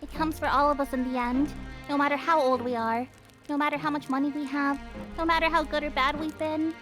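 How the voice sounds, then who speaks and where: A woman's voice: sits high, fairly even intonation, brisk, music in the background, natural voice. A woman reading a world-weary gravedigger hostess. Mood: somber. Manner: reads the lines, breaking into giggles. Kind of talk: reading visual novel dialogue aloud on stream.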